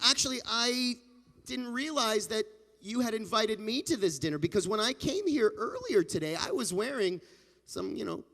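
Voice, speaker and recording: A man voicing a humble, gentle male rabbi who speaks softly and hesitantly. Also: sits high, in a large hall, full character voice. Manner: soft-spoken, hesitant, apologetic.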